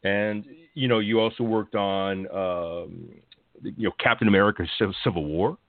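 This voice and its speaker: A man hosting an interview, asking questions in a halting, hesitant way. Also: lowish voice, fairly even intonation, no room sound. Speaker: interviewer, radio host. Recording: tinny phone-like line, dry.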